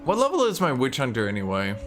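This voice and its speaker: Male game streamer, loose chatty talk to viewers with casual swearing; clear music bed behind him. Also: mid-range voice, huge pitch swings, quick pace. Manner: frustrated, swears casually, talks to chat.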